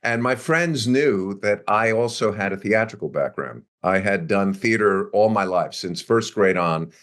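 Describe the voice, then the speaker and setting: Older man spinning a lively anecdote. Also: lowish voice, unhurried. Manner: animated anecdote-telling with acted-out quotes and chuckles. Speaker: interview guest, biotech executive. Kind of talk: conversational storytelling.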